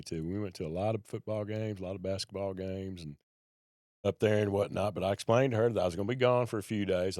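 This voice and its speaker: A man's voice: fairly low pitch, darkish tone, no room sound, studio quality. A man, a podcast guest telling a personal story in a folksy, plain-spoken way.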